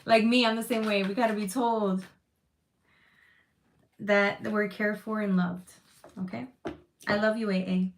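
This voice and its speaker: A woman's voice: mid-range voice, fairly even intonation, a little slow, pauses often, a little hiss or hum. A woman giving a live tarot reading to her chat, emphatic and reassuring, repeating phrases, swearing casually and getting emotional. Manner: emotional, close to tears at times. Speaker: tarot reader.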